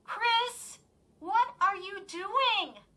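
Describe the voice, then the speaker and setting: A woman's voice: very high voice, lively intonation, unhurried, sharp tone, voice pushed up, exaggerated voice. A woman voicing a startled older sister, a girl who urges and insists with growing alarm. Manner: urgent, insistent pleading.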